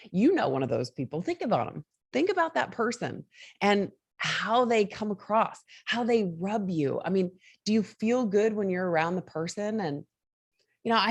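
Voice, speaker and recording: A woman's voice: lowish voice, darkish tone, slightly rough, no echo, clean studio sound. A woman hosting a casual motivational talk, candid and a little rambling, laughing often as she talks. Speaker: host.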